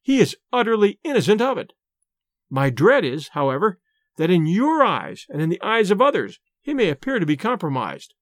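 A distressed older landlady pleads in formal, old-fashioned phrases, as a male reader puts her on. The delivery sits high and swings widely in pitch. The recording is dry and close. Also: very animated, normal speed, no room sound. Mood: anxious. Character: grieving, agitated older mother, a landlady.

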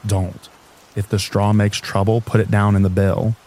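Narrator doing a short-tempered recluse: low, curt, muttering lines, mellow tone. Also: male voice, flat delivery, normal speed, lightly acted, low-quality recording. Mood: irritable. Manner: snapping, muttering. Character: curt, irritable reclusive male stranger.

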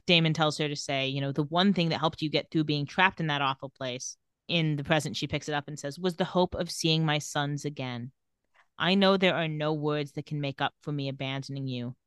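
Low-pitched yet fairly bright, this woman's voice is clear and resonant. She's a podcast co-host giving a casual TV episode recap, retelling scenes and reading quotes with light sarcasm, in studio quality with no echo.

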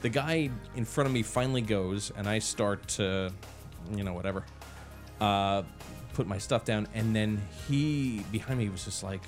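A man's voice: fairly low pitch, normal speed, soft background music. A man co-hosting a podcast, telling a story in casual chat, swearing and laughing often. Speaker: podcast co-host.

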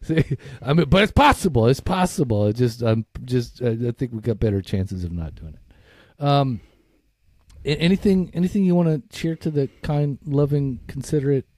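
A man's voice: mid-range voice, lively intonation, normal speed, a little mellow, dry recording, clean studio sound. A man co-hosting a casual recovery podcast, rambling and swearing freely, often breaking into laughter. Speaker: podcast co-host.

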